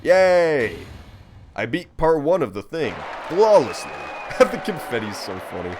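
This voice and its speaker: A man's voice: on the high side, very animated, a little slow, a little mellow, a faint crowd, a little hiss or hum. A young man streaming a game, chatting casually in a profane, rambling, amused way. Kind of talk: casual gameplay commentary. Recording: faint game music behind.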